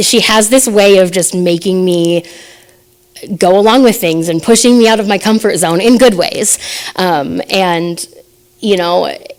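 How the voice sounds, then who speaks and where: A woman in her thirties giving a personal testimony to her congregation, hesitant and full of fillers, emotional and laughing nervously between phrases. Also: lowish voice. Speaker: assisting minister giving a message.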